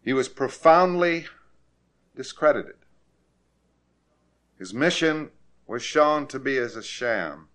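A man preaching a sermon and directing a congregation through scripture, growing forceful and repetitive when he presses a point. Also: medium pitch, expressive, slow pace, long pauses. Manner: emphatic, rises to forceful repetition.

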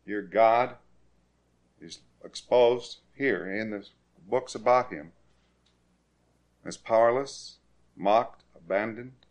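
A man preaching a sermon and directing a congregation through scripture, growing forceful and repetitive when he presses a point. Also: fairly low pitch, slow, long pauses. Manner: emphatic, rises to forceful repetition.

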